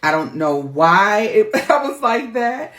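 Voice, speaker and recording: A woman's voice: medium pitch, very animated, takes it slowly, fairly bright tone. A middle-aged woman, a life coach, talking candidly to her viewers in a heartfelt, emphatic, chatty way. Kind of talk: candid personal vlog talk. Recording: roomy echo.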